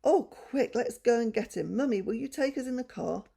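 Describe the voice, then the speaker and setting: Excitable little girl, high and eager, read by a woman with a husky low voice. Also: normal speed, full character voice. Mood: excited. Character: excitable young girl, fond of her bird.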